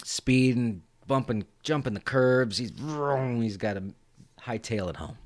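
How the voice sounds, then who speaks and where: A man's voice: medium pitch, dry recording, studio quality. A man hosting a podcast, recapping a movie scene in a casual, rambling way with lots of swearing. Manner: animated, profane, rambling. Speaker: podcast host.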